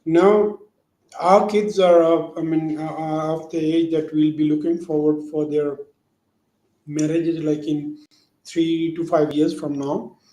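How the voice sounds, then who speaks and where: A man in his forties asking a halting question on a video call, pausing often. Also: on the high side, flat delivery, warm tone, echoey room, poor audio. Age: 40s. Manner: hesitant, many fillers and restarts. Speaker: audience member asking a question.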